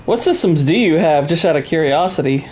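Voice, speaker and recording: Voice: medium pitch, expressive, brisk, a little mellow, a little hiss or hum. A game streamer chatting casually with viewers while playing, laid-back and laughing often. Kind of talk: casual let's play chat.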